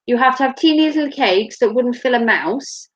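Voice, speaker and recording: Speaking at a moderate pace with lively intonation, this woman has a voice on the high side. She's a vlogging mother from Norfolk with a slight Norfolk accent who laughs and swears freely in casual chat, recorded at home with dull lo-fi sound.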